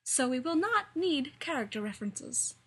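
A woman doing a prim, crisp little boy. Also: high-pitched, normal speed, voice pushed up. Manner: crisp, flat and precise.

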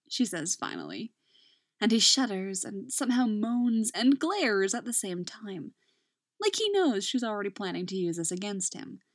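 Slow, soft-spoken woman storyteller. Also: a little high, big pitch swings, dry recording, studio quality. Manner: soft, slips into whispers. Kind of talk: romance audiobook narration.

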